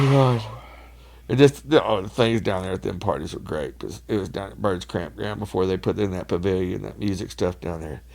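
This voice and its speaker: Man, gravelly, mid pitch; rambling storyteller, laughs easily, gets loud acting out others. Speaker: podcast guest. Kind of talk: casual storytelling chat.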